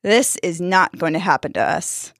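A woman's voice: on the low side, normal speed, a bit bright, dry recording, studio quality. A woman voicing a young boy who protects his little sister, speaking urgently.

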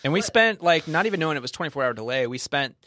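A man's voice: on the high side, animated, very fast, pushed and bright, no echo, clean studio sound. A man chatting casually about a delayed trip, rambling and often restarting his sentences. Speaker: guest telling a travel story. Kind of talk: casual chat.

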